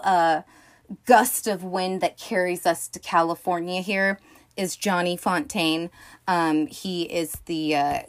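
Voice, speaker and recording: A woman with a slightly low voice hosts a casual film-review podcast. She rambles, restarts her sentences and leans on fillers, with loose swearing and sudden bursts of excitement. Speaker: podcast host.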